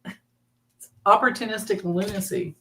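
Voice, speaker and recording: A woman hosts a live tarot session and talks the cards through in a loose, rambling way. She restarts her sentences often and keeps the tone of casual chat. Her voice sits at an ordinary pitch for a woman. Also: steady tone, pushed and bright, slight background noise. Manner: rambling, halting, with frequent restarts and laughter. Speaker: tarot reader, channel host.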